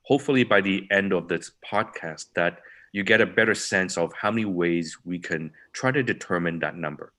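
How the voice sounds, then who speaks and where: A man with a very low, deep voice hosts a podcast. He explains each point step by step, stacking examples in lists and circling back to repeat his main idea. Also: normal speed, pushed and bright. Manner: methodical, builds points through lists and repetition. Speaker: podcast host.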